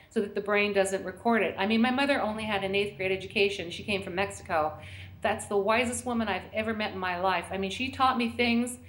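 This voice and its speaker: A woman's voice: mid-range voice, fairly bright tone. A middle-aged woman from the United States, chatting as a guest on a call-in show, telling stories with lots of laughs. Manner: chatty, storytelling, laughs often. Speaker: guest, intuition teacher. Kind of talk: casual chat on a call-in show. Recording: echoey room.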